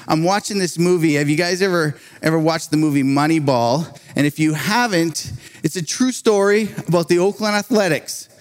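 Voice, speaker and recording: A man preaching a sermon, telling a personal story in an animated way, often laughing between phrases. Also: fairly high pitch, moderate pace.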